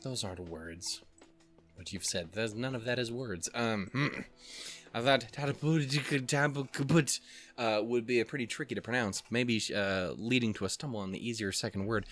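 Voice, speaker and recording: A man's voice: on the low side, brisk, fairly bright tone, faint music behind. Young man rambling through a visual novel. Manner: rambling, swears a lot, jokes and laughs at himself. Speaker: let's play host. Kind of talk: casual gameplay commentary and reading game text.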